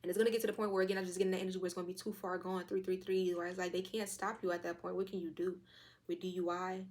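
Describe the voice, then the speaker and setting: Young adult woman, quick casual tarot reader, a touch hoarse, swears freely. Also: fairly low pitch. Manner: fast, loose and profane, with lively quoted asides. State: slightly hoarse throat.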